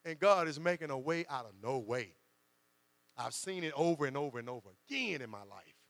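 A man preaching, his voice high and gravelly. He talks to the congregation like a friend and acts out quotes. The hall gives a long reverb, and a low mains hum runs underneath. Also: animated, brisk, fairly bright tone. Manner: conversational preaching with dramatized quotes. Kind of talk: sermon.

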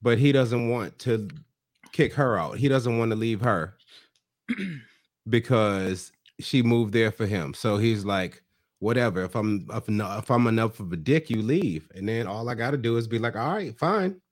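Animated man recapping a show. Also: lowish voice, unhurried. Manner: animated, acts out quoted people in changed voices. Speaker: podcast co-host. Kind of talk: casual chat recapping a reality show.

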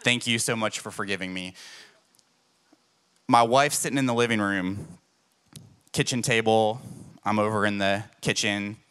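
A man's voice: fairly low pitch, bright, forceful tone. A man preaching a sermon, telling personal stories in an emphatic, self-deprecating way. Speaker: pastor.

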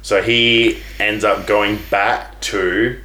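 Man, low voice, roomy echo, rambling, casual recap. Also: steady tone, extremely slow, pushed and bright. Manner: rambling storyteller acting out characters' lines. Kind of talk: casual movie recap chat.

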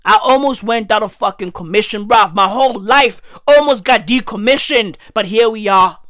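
A man doing a profane comedy rant, animated and repetitive, full of slang and swearing. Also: sits high, normal speed, no room sound, studio quality. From South Africa.

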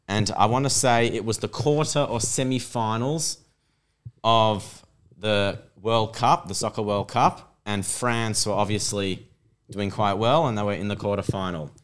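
A man's voice: on the low side, clear, resonant tone. Australian young man telling a story. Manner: animated, laughs through his story. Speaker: podcast guest. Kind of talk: casual storytelling.

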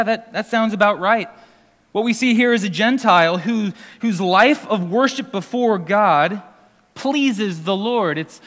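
Man, pastor, sermon, lively storytelling, slightly high voice, long hall reverb. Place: school auditorium used for worship.

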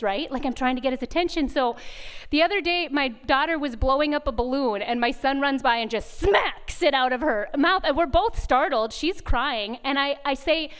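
A woman speaking at a retreat chapel session, telling stories candidly and acting out bits of dialogue in an animated, conversational devotional talk. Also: high voice. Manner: animated storytelling, acts out dialogue; laughs often, candid and confessional.

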